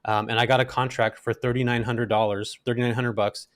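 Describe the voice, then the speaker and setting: A middle-aged man telling his story as an interview guest, animated and casual, with frequent fillers. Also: mid-range voice, fairly quick, no echo. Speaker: guest, rental investor.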